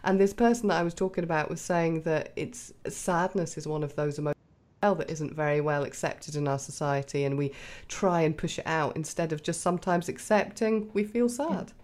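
Low-pitched female interviewer, casual and affirming, lots of "yeah" backchannels. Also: moderate pace, few pauses, darkish tone. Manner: affirming, frequent backchannel yeahs. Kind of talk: conversational interview.

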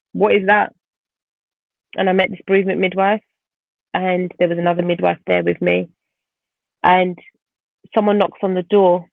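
A woman's voice: medium pitch, gravelly, no room sound. A woman guest vividly retelling a painful personal story in conversation, speaking animatedly. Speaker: podcast guest. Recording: tinny phone-like line.

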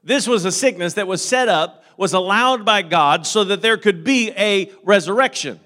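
A pastor preaching a sermon, moving between quiet, halting storytelling and loud, fervent preaching. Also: male voice, high-pitched. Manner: repeats words and restarts often while telling stories.

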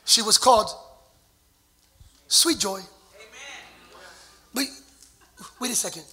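A middle-aged man preaching a sermon, moving from quiet storytelling to shouted, fervent declarations and call-and-response with the congregation. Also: extremely high pitch, slow pace. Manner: playful, sings snatches of songs and jokes with the crowd. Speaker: pastor.

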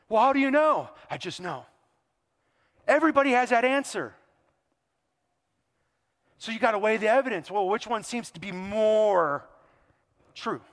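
A man preaching a sermon as pastor, animated and full of rhetorical questions. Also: high-pitched. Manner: animated, rhetorical questions, acts out quoted voices. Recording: long hall reverb.

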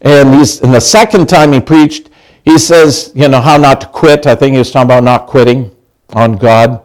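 A middle-aged male pastor preaches a conversational, chatty sermon in a medium-pitched, darkish voice at a moderate pace, recorded on poor audio. He restarts often and keeps putting questions to the congregation.

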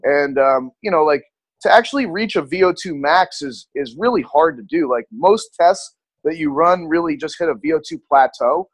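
A young man speaks as a guest in a relaxed, casual way, leaning on "like" and "you know" between thoughts. His voice is a touch high. The sound is dry and close. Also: normal speed, dry recording. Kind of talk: casual interview chat.

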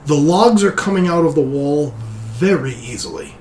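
A man's voice: a little high, animated, moderate pace, darkish tone, a little hiss or hum. Man running a tabletop game. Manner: loose, filler-heavy scene-setting. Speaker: game master. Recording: roomy echo.

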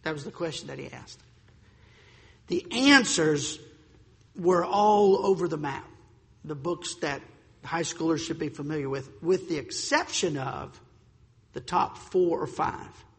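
Emphatic high-voiced preacher in a reverberant hall. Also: male voice, creaky, a bit bright. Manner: emphatic, slows for stressed points, stumbles on words. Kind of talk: sermon.

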